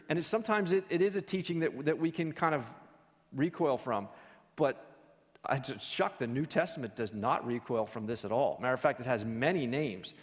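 A man teaching a church Bible study in a conversational, animated storytelling way. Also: fairly high pitch, big-room sound.

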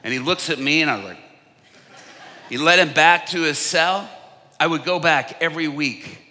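A male evangelist whose voice is sharp and tense, with a gravelly edge. He tells a story from the stage, dropping to hushed whispers and then rising to loud, impassioned bursts. Long reverb from a large hall trails every word. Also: a little high. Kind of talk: sermon storytelling. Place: conference stage.

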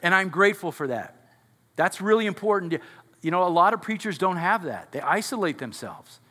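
A man's voice: sits high, expressive, brisk, pushed and bright, long reverb tail. A male pastor preaching a sermon to his congregation in a conversational way, often asking them questions. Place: church sanctuary before a congregation.

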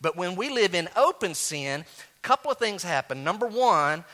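A man preaching a sermon as pastor, animated, swinging from loud high exclamations down to low quiet asides. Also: moderate pace.

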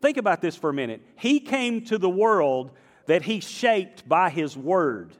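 A male pastor with a faint Southern accent delivers a sermon in a fairly high voice. He builds to emphatic, punchy lines, then drops into hushed, chatty asides. His voice rings through a church hall with a long reverb tail. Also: big pitch swings, unhurried. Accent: slight Southern US. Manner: emphatic preaching, swinging to quiet storytelling asides. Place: church sanctuary.

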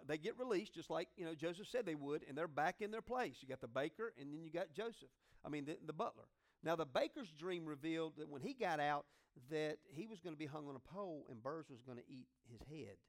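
A man's voice: on the high side, animated, a little fast. A man preaching a sermon, retelling a Bible story in a folksy, joking way and acting out the characters' lines.

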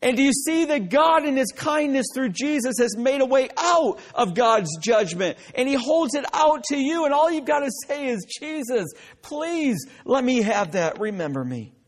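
High-voiced emphatic male pastor. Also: lively intonation, normal speed, few pauses. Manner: emphatic, repeats "listen" for emphasis, joking asides. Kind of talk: sermon.

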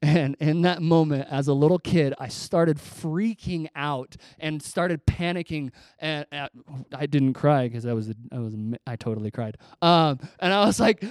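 A young man preaches in a loose, chatty way, telling childhood stories with plenty of fillers and restarts. His voice sits a little higher than most men's and comes across as self-deprecating. The recording is close and dry, with no room sound. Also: animated, normal speed, a little mellow, dry recording. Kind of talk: casual storytelling sermon.

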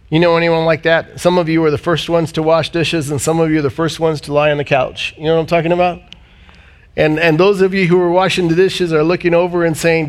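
A male pastor preaching in a church with a slightly high-pitched voice. He talks in an animated way, climbing to loud emphatic peaks and then dropping low and quiet. He keeps it conversational and asks his listeners questions directly. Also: fast. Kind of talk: sermon.

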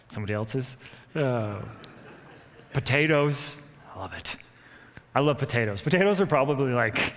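A man preaching to his church, telling a personal story in an animated, self-mocking way and acting out what people said. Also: medium pitch. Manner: animated storyteller, acts out quotes, laughs at himself. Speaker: pastor. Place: church hall. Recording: long reverb of a church hall.

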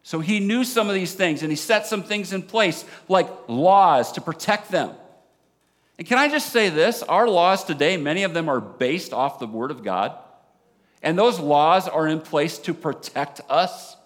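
A man with a Southern American accent preaching a sermon as a pastor, animated, dropping low and quiet for emphasis. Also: unhurried. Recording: long hall reverb.

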